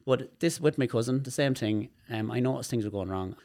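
An Irish man, a guest on a podcast, telling personal stories in an animated way and swearing freely. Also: mid-range voice, fairly quick. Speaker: guest, movement specialist. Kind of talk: podcast conversation.

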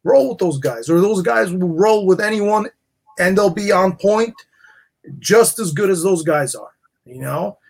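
A man's voice: a little high, slightly rough. A middle-aged man from New York, a guest on a casual podcast interview, talking in rambling bursts and often restarting with "you know". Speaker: guest, jeweler and jiu-jitsu black belt.

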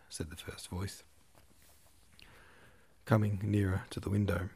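A man reading a classic novel aloud as a podcast host, in a measured storytelling manner. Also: low voice, steady tone, mellow, slightly rough. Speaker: audiobook reader and podcast host.

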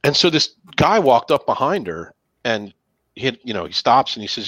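Casual male co-host, mid-pitched, rambling storyteller who slips into other people's voices; dry, close sound. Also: very animated, moderate pace, a bit bright, no room sound. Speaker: podcast co-host. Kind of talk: casual chat.

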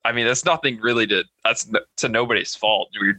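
A man's voice: medium pitch, fairly quick, pushed and bright, no room sound, rough recording. A man from the United States, a podcast guest, chatting casually and animatedly about a movie, often repeating himself.

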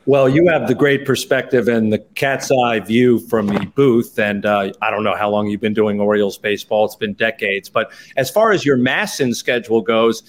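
A man's voice: fairly low pitch, moderate pace, few pauses, a little hiss or hum. A man co-hosting a sports podcast, asking a long, winding question. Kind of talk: casual interview question.

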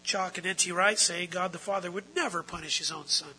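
A man preaching a sermon, emphatic, moving between quiet explanation and loud, drawn-out stresses. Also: high voice, a little hiss or hum, rough recording. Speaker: pastor.

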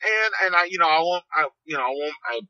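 This fiftysomething man owns a seed company and calls into a podcast by phone, rambling through stories while repeating and restarting phrases in a casual interview. His fairly high voice is animated, quick, pushed and bright. The phone-call audio is dull and dry, with no echo.

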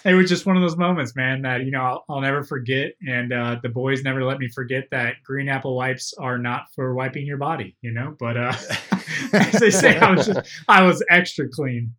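Bright-voiced man telling a story. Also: medium pitch, moderate pace. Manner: animated, laughing through a funny story. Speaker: podcast guest. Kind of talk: casual storytelling.

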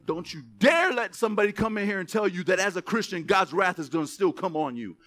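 A man preaching a sermon as pastor, reading verses slowly with emphasis, then dropping into quick asides to the church. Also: high voice. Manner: animated, stretches scripture words for emphasis, drops to asides.

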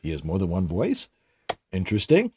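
A man's voice: deep voice, wildly swooping pitch, fairly quick, darkish tone, breathy edge, no room sound. A man co-hosting a casual tech show, reading listener questions with wry, jokey asides.

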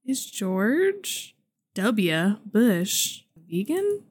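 A woman's voice: mid-range voice, drawn-out words, breathy edge. Playful laughing woman telling stories. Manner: playful, laughing, animated storytelling. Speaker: podcast co-host. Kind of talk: casual chat.

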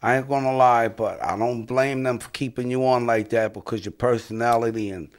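A man hosting his own podcast, chatting casually and excitably, breaking off for loud shout-outs and quick reactions. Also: medium pitch, smooth. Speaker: podcast host. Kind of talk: casual interview chat.

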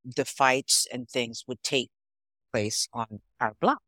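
Low-voiced woman from Chicago, chatting. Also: slow, dry recording. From Chicago, USA. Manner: storytelling, animated, laughs often. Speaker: podcast guest, therapist. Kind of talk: casual interview chat.

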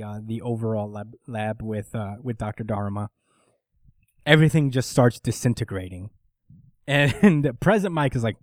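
A man chats casually as a co-host, recapping manga with loose energy and a lot of swearing. His voice sits at a middle pitch. The sound is dry and close. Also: no room sound. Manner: animated, swearing, acts out characters' lines. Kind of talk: casual chat.

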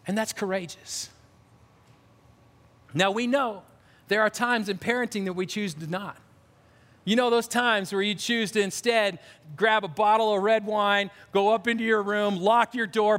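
A pastor gives an earnest, emphatic sermon, his very high voice a touch bright. He repeatedly begins phrases again, and the large hall adds a lengthy reverb.

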